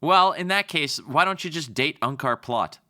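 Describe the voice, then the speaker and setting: A man's voice: on the high side, lively intonation, moderate pace, pushed and bright. A young adult man from Canada co-hosting a podcast, bantering and joking in casual chat. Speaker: podcast co-host.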